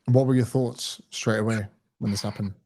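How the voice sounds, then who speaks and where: A man's voice: on the low side, fairly even intonation, normal speed, dark tone. A male podcast host asking direct questions in a conversational way. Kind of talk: interviewing.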